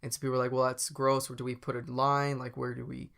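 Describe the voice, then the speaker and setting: A man's voice: mid-range voice, monotone, fast, creaky, fairly bright tone. A man co-hosting a podcast in casual chat, rambling with lots of fillers and restarts. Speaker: podcast co-host.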